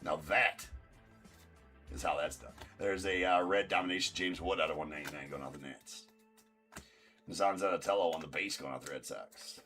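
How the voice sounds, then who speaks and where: Deep-voiced man hosting a card break. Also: normal speed, sharp tone, faint music behind. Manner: rattles off cards, banters with chat. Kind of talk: live-stream card break commentary.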